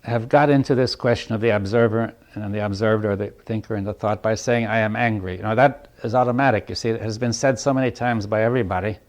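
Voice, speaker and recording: A man giving a reflective spoken talk to a small audience. He often restarts his phrases, checks in with his listeners, and chuckles softly between points. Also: on the low side, fairly even intonation, fast talker, hardly any pauses.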